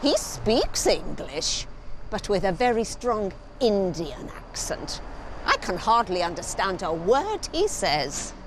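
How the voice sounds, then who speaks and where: Snooty Miss Higgins, prim and proper. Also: female voice, medium pitch, sing-song, background noise. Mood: haughty. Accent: Received Pronunciation. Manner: haughty, precise, slow deliberate delivery. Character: snobbish prim English lady, proud of her speech. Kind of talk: scripted language-course drama.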